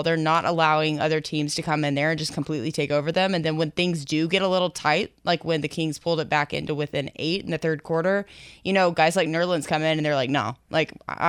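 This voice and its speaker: A woman's voice: low-pitched, clean tone, dry recording, clean studio sound. A young adult woman co-hosting a basketball podcast, talking in an upbeat, chatty way with plenty of fillers. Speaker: sports podcast co-host. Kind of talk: casual basketball chat.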